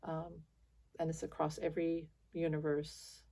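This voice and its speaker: A woman talks straight to her viewers in a loose monologue, circling back on herself with restarts and small laughs. She sounds frustrated, and her voice sits a little low for a woman. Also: monotone, a little slow, mellow. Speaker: spiritual video channel host.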